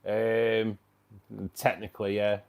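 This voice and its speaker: A man's voice: fairly low pitch, completely flat delivery, takes it slowly, a little mellow, clear, resonant tone. A man with a British accent hosting a casual livestream, chatty and slangy, laughing often. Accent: British English. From United Kingdom. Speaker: aquarium channel host.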